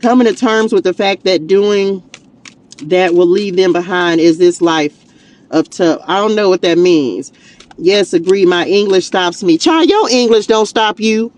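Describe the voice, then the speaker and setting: A woman's voice: mid-range voice, unhurried. A woman with a Southern US drawl leads a live tarot reading in a loose, chatty way. She peppers her talk with "child" and "y'all," laughs easily, and keeps lifting her viewers up. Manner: warm encouraging pep talk, laughs easily. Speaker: tarot reader and spiritual coach.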